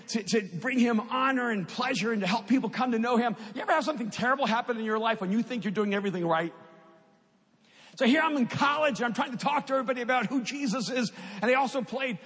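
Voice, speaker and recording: Man, middle-aged, very high husky voice, storytelling testimony, reverberant hall. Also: a bit bright. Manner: storytelling, rising to impassioned at climaxes. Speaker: speaker giving a testimony. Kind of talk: personal testimony talk.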